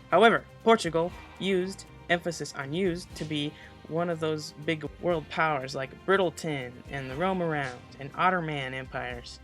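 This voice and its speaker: Teen guy doing a snarky class presentation voiceover, bright kinda highish voice, music faint underneath. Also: normal speed. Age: teens. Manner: sarcastic, mocking asides. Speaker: student presenter. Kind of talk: comedic school presentation voice-over.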